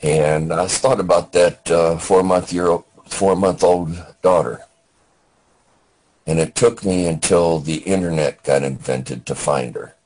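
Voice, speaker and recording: An older man, a veteran guest, telling his war memories in a halting, plainspoken way with many restarts. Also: deep voice, darkish tone, rough recording.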